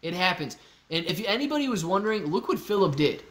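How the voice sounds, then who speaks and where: A man's voice: sits high, big pitch swings, quick pace, a bit bright. A man hosting a casual livestream, joking around and answering viewers' comments by name. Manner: joking, loose, talks to chat by name. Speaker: livestream host. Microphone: phone used as webcam.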